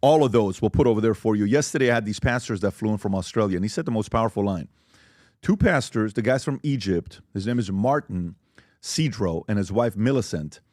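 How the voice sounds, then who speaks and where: A man hosting a podcast, running the segments and pitching merchandise in an upbeat way. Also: lively intonation, a little fast, a little mellow, dry recording, studio quality. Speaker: podcast host.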